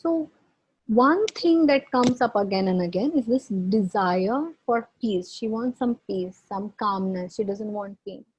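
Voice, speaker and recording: A woman's voice: medium pitch, measured pace, a little mellow, slight background noise. A woman lecturer presenting a medical case to students, explaining step by step and checking in with her listeners. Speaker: homeopathy lecturer. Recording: dull lo-fi audio.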